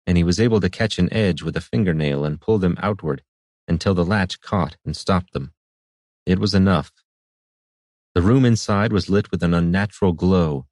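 A man narrating a fantasy audiobook in a measured, even storytelling manner. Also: deep voice, dry recording, studio quality.

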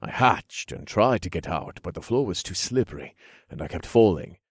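A man with a very low, deep voice reads a fantasy novel aloud in the first person. His storytelling is calm and even. The recording is dry and close, with no room sound. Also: normal speed, gravelly, husky, no room sound. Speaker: audiobook narrator.

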